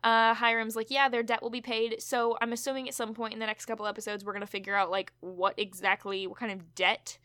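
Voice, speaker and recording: A woman's voice: mid-range voice, level tone, quick pace, few pauses, pushed and bright, smooth, no echo. A woman co-hosting a podcast, recapping a TV episode in casual chat with chatty asides and fillers. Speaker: podcast co-host.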